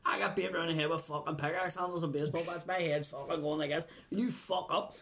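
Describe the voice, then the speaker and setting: A man telling a rough story in casual podcast chat, crude and animated, with heavy swearing. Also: fairly high pitch, quick pace, slight background noise.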